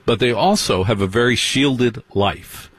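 A man telling a long comic story in stand-up style, sardonic and animated, with mocking asides. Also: mid-range voice, measured pace, husky, no room sound. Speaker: comedian.

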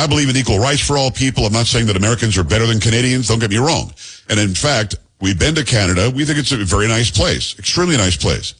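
A man's voice: mid-range voice, a bit bright, slightly rough. A man hosting a podcast, talking in a joking, rambling, teasing way. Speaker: podcast host. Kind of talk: casual podcast chat.

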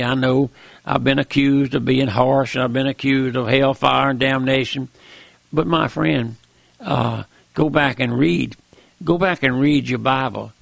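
A man's voice: medium pitch, vocal fry, no room sound. An older man preaching an impassioned, emphatic sermon, repeating his points and calling out to his listeners. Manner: impassioned, emphatic, repeats phrases and calls out "my friend". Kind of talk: fiery radio-style sermon.

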